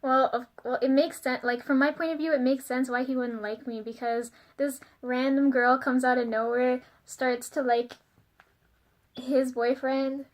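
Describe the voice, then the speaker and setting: A young woman with a high-pitched voice chats through a casual confessional vlog. She talks in a loose, rambling way, leaning on fillers like "like" and "um". She giggles often and gets flustered and self-conscious. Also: little pitch movement, a little slow. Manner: chatty, giggly, lots of fillers like "like" and "um". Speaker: vlogger.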